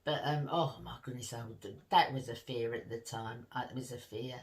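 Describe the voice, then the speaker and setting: A woman's voice: a bass voice, moderate pace. A middle-aged woman, a beauty vlogger chatting to camera and telling a story while laughing often. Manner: animated, laughs through her story, warm asides to viewers.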